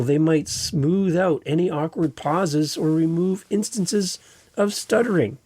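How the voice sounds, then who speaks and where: A man with a Canadian accent, hosting his own podcast in a conversational, expressive way with deliberate pauses. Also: on the high side, no room sound, studio quality. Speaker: podcast host and editor. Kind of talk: solo podcast talk.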